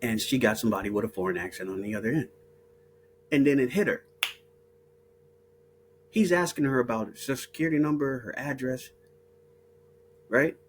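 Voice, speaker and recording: A man's voice: mid-range voice, moderate pace, pauses often, a little hiss or hum. A man hosting his own video, talking in a heated, profane monologue full of repeated words and restarts. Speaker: video host. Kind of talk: casual monologue.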